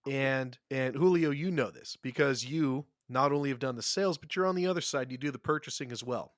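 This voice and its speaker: A man's voice: mid-range voice, a little fast, no room sound, studio quality. A man hosting a podcast in casual chat, easygoing and conversational. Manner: conversational, laughs along. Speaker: podcast host.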